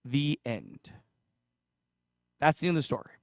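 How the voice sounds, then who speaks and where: A man's voice: medium pitch, very animated, measured pace, vocal fry, no echo, studio quality. A man preaching a casual sermon, retelling a parable in a chatty, joking way with asides to the congregation. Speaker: pastor.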